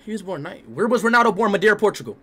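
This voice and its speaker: A young man streaming live, reacting loudly with slangy outbursts while playing a quiz. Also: high-pitched, rapid-fire, slightly rough. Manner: excitable, shouting, slangy outbursts. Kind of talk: loud reactive livestream commentary.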